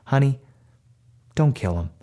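A man's voice: medium pitch, animated, a little slow, warm tone, natural voice. A man voicing a firm but loving mother of two boys in a told story, speaking in a matter-of-fact way. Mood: gentle.

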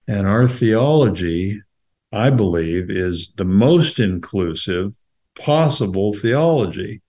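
Man, low voice, very slow pace, earnest, halting, gospel podcast co-host. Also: warm tone. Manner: earnest, halting, repeats words as he thinks. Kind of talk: earnest gospel discussion and poetry reading.

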